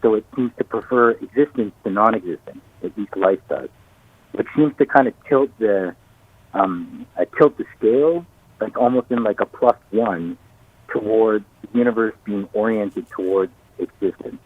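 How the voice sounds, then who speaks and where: A man from Canada calling into a radio show, eager and halting with many fillers, on a fuzzy phone line. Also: on the low side, breathy edge. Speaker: caller.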